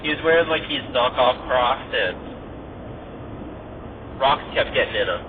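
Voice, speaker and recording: A man's voice: mid-range voice, lively intonation, a little slow. A man hosting a podcast, chatting casually in a rambling way, full of "like" and "you know". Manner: rambling, filler-heavy, lots of "like" and "you know". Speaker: podcast host. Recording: tinny phone-like audio with faint noise.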